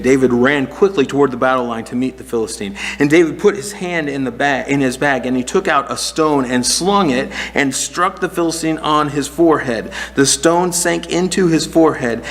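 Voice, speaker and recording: A male pastor teaches from the Bible, reading passages aloud and explaining them. His voice has a gravelly edge, and it rings out in a hall with a long reverb. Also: medium pitch, a little hiss or hum. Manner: expository Bible teaching, reads scripture aloud. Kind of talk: sermon.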